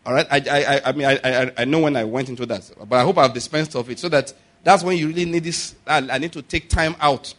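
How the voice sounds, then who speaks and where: A man preaching a sermon with a Nigerian accent, animated and chuckling often, putting frequent rhetorical questions to his congregation. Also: mid-range voice, fast, hardly any pauses.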